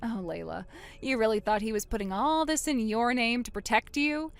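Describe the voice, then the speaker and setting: A woman voicing a wronged older sister in a text-message story, speaking low, subdued and cold. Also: moderate pace, smooth, natural voice. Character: wronged older sister, quiet and bitterly calm.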